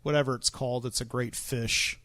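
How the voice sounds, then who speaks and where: A man's voice: mid-range voice, fairly even intonation, moderate pace, sharp tone, no room sound, clean studio sound. A man hosting his own podcast in a casual solo monologue, rambling and wry, with many ums and uhs. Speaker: podcast host.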